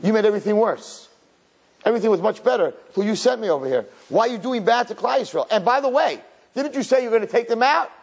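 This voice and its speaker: A man acting out an exasperated male prophet complaining to God, indignant and pleading, rising to high cries. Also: lively intonation, brisk, lightly acted.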